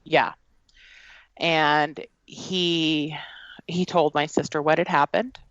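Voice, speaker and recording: A woman with a fairly low voice, sharing a personal story on a podcast. She speaks earnestly and haltingly, with plenty of fillers. The recording is dry and a little muffled. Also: steady tone, fairly bright tone, dry recording. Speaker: guest.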